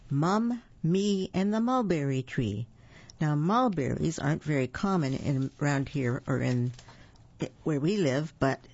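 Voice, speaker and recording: A reader reading picture books aloud to children, gentle with explaining asides. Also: medium pitch, creaky, breathy edge. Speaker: storybook reader. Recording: dull lo-fi recording.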